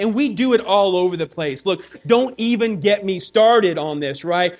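A man's voice: sits high, muffled recording. A male pastor preaching in a loose, conversational way, acting out short quoted voices of children and churchgoers. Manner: conversational preaching, acts out kids' and congregants' voices. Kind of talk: sermon.

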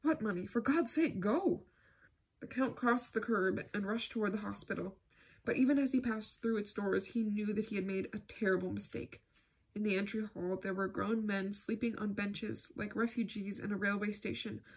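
Woman reading a novel out loud, steady, kinda breathy. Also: mid-range voice, normal speed. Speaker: audiobook narrator. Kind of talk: scripted narration.

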